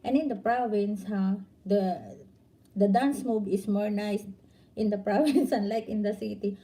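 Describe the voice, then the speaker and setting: A middle-aged Filipino woman chatting casually to her viewers in accented English, often pausing to search for words. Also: medium pitch, dark tone, poor audio. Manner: halting, searches for words, mixes in Tagalog. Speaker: vlogger.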